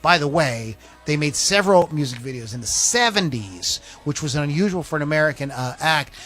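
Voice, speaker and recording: A man's voice: fairly high pitch, lively intonation, a little fast, a bit bright, faint music behind. A man hosting a podcast in casual chat, rambling through stories with lots of fillers and teasing his co-host.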